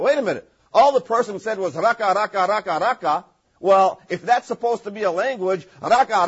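A man's voice: sits high, breathy edge, muffled recording. A man from northern Maine preaching a sermon, emphatic and repetitive, often checking in with "okay?". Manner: emphatic, repeats points, frequent "okay?" check-ins. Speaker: pastor.

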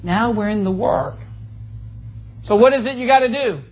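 A man's voice: very high voice, moderate pace, vocal fry, breathy edge, highs cut off. A man preaching a sermon, folksy and joking, asking the congregation for amens. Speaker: pastor. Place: church.

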